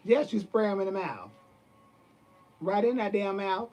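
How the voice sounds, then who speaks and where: A man with a high voice rants to camera in a sassy, emphatic way. He swears freely and talks with loud, punchy conviction. His delivery is casual and unscripted. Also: animated, unhurried. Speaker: vlogger. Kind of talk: casual ranting monologue.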